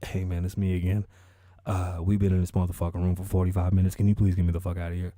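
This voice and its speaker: A frantic young man trapped in a room, stammering and begging for help, as a podcaster puts him on. His voice drops lower and deeper than the speaker's own. It sounds dry and close, with no room to it. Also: little pitch movement, fast, dark tone, no room sound, natural voice. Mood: panicked. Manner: stammering, pleading. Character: panicked young man trapped calling emergency line.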